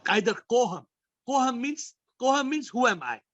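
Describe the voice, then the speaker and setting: A man's voice: very high-pitched, very animated, normal speed, a bit bright, poor audio. A man hosting a spiritual Q&A over a video call, emphatic and fond of rhetorical questions.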